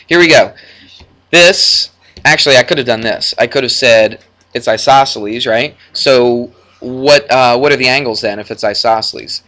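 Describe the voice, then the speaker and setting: A man's voice: medium pitch, moderate pace, pushed and bright. A man teaching a math class, chatty, telling stories and laughing often as he lectures a classroom of students.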